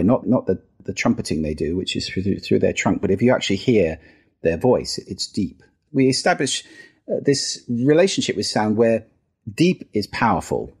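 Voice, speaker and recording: Husky, lively-voiced middle-aged man. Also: fairly quick. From United Kingdom. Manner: demonstrative, plays with pitch and register while explaining. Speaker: guest, sound and listening expert. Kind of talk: podcast interview.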